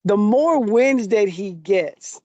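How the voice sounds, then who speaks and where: A man's voice: high-pitched, animated, takes it slowly, dark tone, no room sound, dull audio. A male chef as a podcast guest, chatting casually and giving opinions with a laugh. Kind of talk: casual recap chat.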